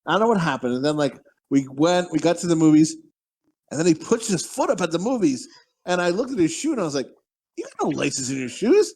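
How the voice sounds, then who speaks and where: A man's voice: on the high side, lively intonation, quick pace, a little mellow. A man co-hosting a podcast, telling rambling, profane stories in casual chat. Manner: rambling, profane storytelling with frequent laughs. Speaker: podcast co-host.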